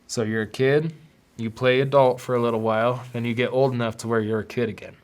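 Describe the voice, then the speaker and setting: A man's voice: mid-range voice, little pitch movement. A man hosting a podcast, speaking in a confessional personal monologue. He halts often and repeats words as he searches for what to say. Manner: halting, repeats words while searching for them. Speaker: podcast host.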